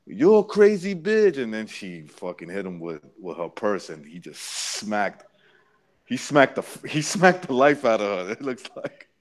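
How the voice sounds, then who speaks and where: A man with a lowish voice talks in brash, blunt banter. He is crude and sure of himself, and he cuts in quickly with opinions. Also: animated. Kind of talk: casual chat.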